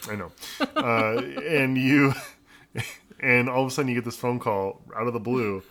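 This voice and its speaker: Guy cohost on a chill podcast, halting and amused, mid pitch. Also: a little hiss or hum. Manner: relaxed, halting, amused, with fillers and restarts. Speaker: podcast co-host. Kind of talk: casual recap chat.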